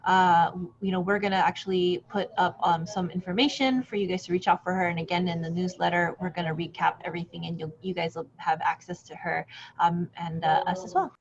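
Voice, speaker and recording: A woman's voice: lowish voice, fairly even intonation, fairly quick. A woman hosting a video call, encouraging people to share. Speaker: host. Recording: dull lo-fi call audio.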